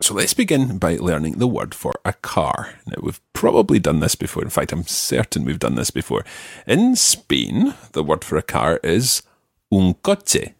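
A man teaching pronunciation who explains patiently, models the sounds slowly and jokes about his own mistakes. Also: sits low, wildly swooping pitch, vocal fry, husky, no echo, studio quality. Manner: self-deprecating. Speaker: language teacher.

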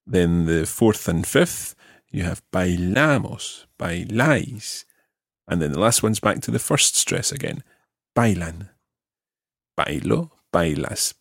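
Man, Spanish teacher, lively pitch, gravelly tone, dry close sound. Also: no room sound. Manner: patient, models pronunciation slowly. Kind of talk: language lesson drills.

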